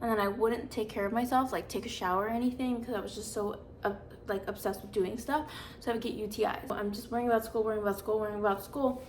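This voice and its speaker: A woman's voice: mid-range voice, a little hiss or hum. A woman in her twenties vlogging, telling personal stories in a chatty, dramatic way full of fillers. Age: 20s. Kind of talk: casual storytelling.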